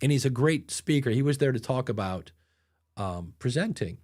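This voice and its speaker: A man's voice: mid-range voice, lively intonation, normal speed, darkish tone. Chatty man telling stories on a podcast. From Ohio. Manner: chatty storyteller, acts out quoted people. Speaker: podcast host. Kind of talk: casual podcast chat.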